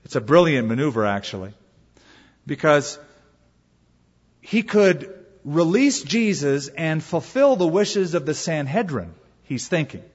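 A man's voice: a little high, big pitch swings, unhurried, breathy edge. A man preaching a sermon, telling the story dramatically with rhetorical questions. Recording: dull reverberant hall recording.

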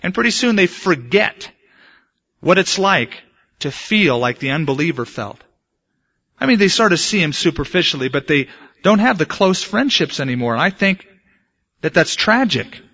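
Guy preaching a sermon, bright voice, chatty then punchy, kinda muffled lo-fi recording. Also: on the high side, animated, moderate pace. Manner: conversational preaching with anecdotes, rising to emphatic bursts. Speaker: pastor.

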